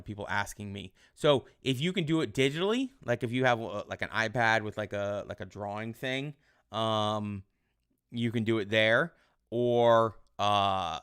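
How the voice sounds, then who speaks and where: A male teacher giving casual online class instructions in a relaxed, rambling way with many fillers. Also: on the low side, smooth.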